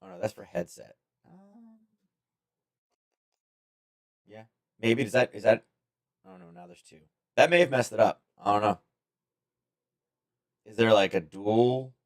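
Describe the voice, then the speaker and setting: Male stream host, slightly hoarse, casual rambling delivery, close-miked at home. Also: on the low side, unhurried, pauses often. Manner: rambling, thinking aloud, chuckling asides. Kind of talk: casual livestream chat. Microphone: close-up desk microphone.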